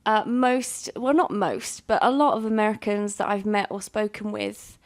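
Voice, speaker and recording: A woman's voice: mid-range voice, normal speed. A young British woman chatting casually as a YouTuber answering viewer questions, candid and self-deprecating, laughing often between fillers. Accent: British English. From United Kingdom. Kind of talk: casual Q&A chat.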